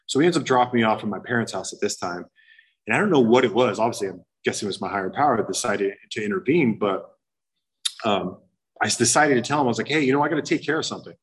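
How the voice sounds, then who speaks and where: A man's voice: lowish voice, expressive, fast, slightly rough, rough recording. A young man candidly telling his own recovery story to a meeting, rambling and acting out remembered conversations. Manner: candid, rambling, full of "you know" and quoted dialogue. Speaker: speaker sharing a recovery story. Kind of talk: personal testimony to a meeting.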